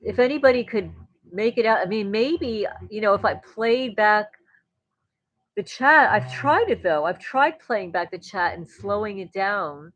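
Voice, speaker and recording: A woman's voice: medium pitch, animated, a little slow, a bit bright, no echo, poor audio. A woman hosting a livestream, chatting in a rambling way and answering viewer comments. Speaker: livestream host. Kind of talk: casual livestream chat.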